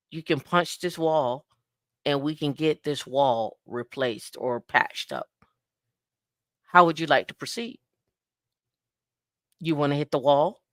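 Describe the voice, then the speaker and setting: A woman co-hosting a podcast in casual talk, an emphatic, lively storyteller who acts out the dialogue and repeats her advice for effect. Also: sits low, no room sound, clean studio sound. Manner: emphatic, repetitive advice-giving. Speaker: podcast co-host.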